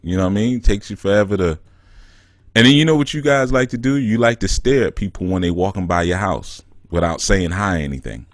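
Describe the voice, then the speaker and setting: A man's voice: low-pitched, lively intonation, brisk, no room sound, clean studio sound. A man, hosting a call-in show, teasing and joking in easy slang with a caller. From New York. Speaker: spiritual counselor and show host. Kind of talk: casual call-in banter.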